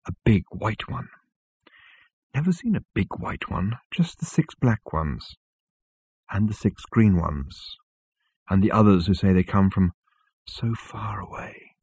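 A man's voice: fairly low pitch, lively intonation, unhurried, long pauses, slightly rough, no room sound, heavily acted. Man reading as a dreamy, vague old hermit. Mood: musing. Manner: mild, musing, softly questioning.

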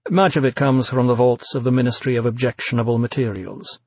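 A man voicing a gentle, mysterious masked man in a read-aloud story, speaking softly and courteously with light amusement. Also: medium pitch, fairly even intonation, brisk, no echo, natural voice.

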